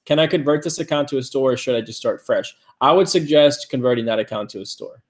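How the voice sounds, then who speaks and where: A man's voice: medium pitch, quick pace. A man co-hosting a casual livestream, reading and answering viewer questions in an easygoing way. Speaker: co-host of a reselling livestream.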